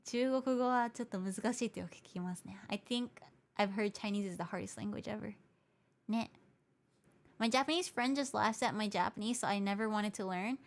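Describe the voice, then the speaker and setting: A woman's voice: medium pitch, quick pace. Chatty bilingual woman streamer. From Hawaii. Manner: switches between English and Japanese mid-sentence; chatty, explains things patiently and repeats points. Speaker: VTuber streamer. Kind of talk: casual livestream chat, reading viewer comments.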